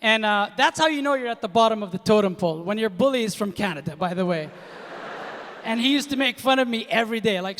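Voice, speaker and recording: A young man from Kuwait performing a stand-up comedy set, animated and acting out the voices of people in his stories. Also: high voice, quick pace. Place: comedy stage in a large hall with a live audience. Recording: live hall reverb.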